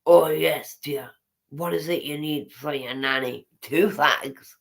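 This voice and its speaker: A woman's voice: sits low, takes it slowly, vocal fry, pitched below the performer's own voice, exaggerated voice. A woman putting on a creepy old witchlike shopkeeper. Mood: sly.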